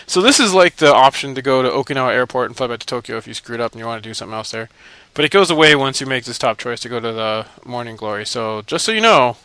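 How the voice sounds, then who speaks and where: Bright-voiced man swearing through game commentary. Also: medium pitch, expressive, quick pace, hardly any pauses, clean tone, dry recording. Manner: profane, laughing, mocking the characters. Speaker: video game let's-play commentator. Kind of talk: casual gameplay commentary.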